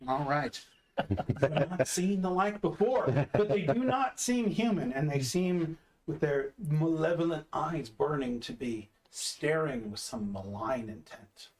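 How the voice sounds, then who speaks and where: A man narrating as game master, slowing down for vivid descriptions. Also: fairly high pitch, animated, a little mellow, poor audio.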